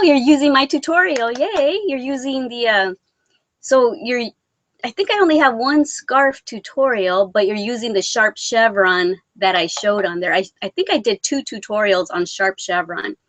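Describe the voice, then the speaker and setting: With a mid-range, fairly bright voice, a woman chats her way through a casual live stream, reading comments from viewers and laughing a lot. She rambles, restarting sentences and leaning on fillers, and the audio has no echo.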